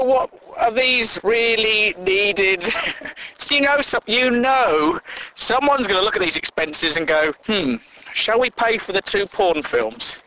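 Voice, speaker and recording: A man's voice: sits high, pushed and bright, slight background noise, rough recording. A man doing a stand-up comedy routine, sweary and incredulous, acting out both sides of imagined conversations.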